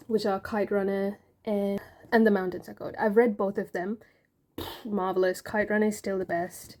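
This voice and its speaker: A woman from Sri Lanka chatting casually and gushing about her books at home, rambling with frequent ums. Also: warm tone. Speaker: book vlogger. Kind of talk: casual chat. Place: home in Hobart. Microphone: camera mic. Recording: low-quality home video with faint noise.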